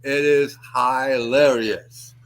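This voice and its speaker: Man on a live stream chat, mid pitch, halting and casual. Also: fairly even intonation, low-quality recording. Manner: hesitant, full of ums and uhs. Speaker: stream participant.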